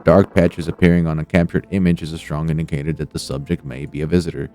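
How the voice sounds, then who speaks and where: An emergency news broadcaster, read by a man delivers bulletins briskly in a deep, mellow voice. Faint music plays behind. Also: level tone, a little hiss or hum.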